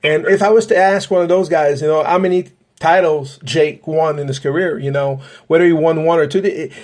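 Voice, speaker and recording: A man with a fairly high voice hosts a casual podcast interview. He rambles and restarts often, stacking fillers as he circles toward his questions. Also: steady tone, fairly quick, darkish tone. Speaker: podcast host, paranormal investigator.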